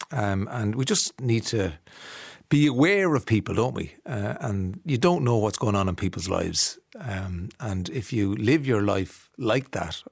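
A middle-aged Irish man hosting a radio show in a relaxed, chatty and amused way, reading out listener messages. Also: on the low side, vocal fry, breathy edge, no room sound, studio quality. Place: radio studio.

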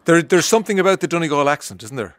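A man's voice: on the high side, animated, racing, a bit bright, dry recording. A man with an Irish accent hosting a radio interview, chatty and teasing, often repeating himself. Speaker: radio host.

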